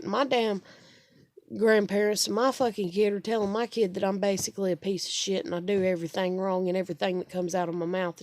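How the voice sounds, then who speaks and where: A woman's voice: medium pitch, no echo, studio quality. A single mother, venting in an angry rant to camera, upset and stressed and swearing repeatedly. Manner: swearing, repetitive, exasperated.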